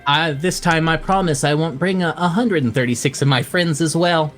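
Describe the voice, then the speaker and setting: A man voicing a gentle, earnest robot creature who talks in a formal, measured way, with soft music behind. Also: on the high side, pitched above the performer's own voice, close to an everyday voice. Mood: warm.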